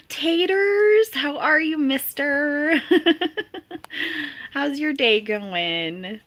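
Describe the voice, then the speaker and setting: A woman's voice: high voice, animated, drawn-out words, fairly bright tone. A woman hosting a casual live stream, chatting and laughing often as she reads and answers viewers' comments. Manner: giggly, laughs often between greetings. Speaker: livestream host.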